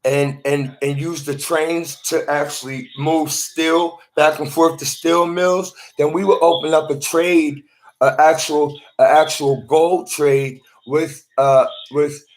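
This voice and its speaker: A man's voice: on the high side, little pitch movement, slow pace. A man talking to a phone in a rambling monologue, often repeating and restarting his words.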